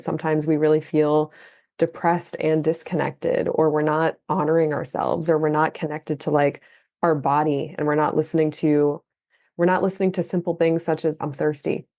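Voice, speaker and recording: A woman's voice: low-pitched, mellow. A woman guest on an interview podcast, a dance facilitator and coach, talking earnestly and reflectively with loose fillers. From Florida. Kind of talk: conversational interview. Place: West Palm Beach.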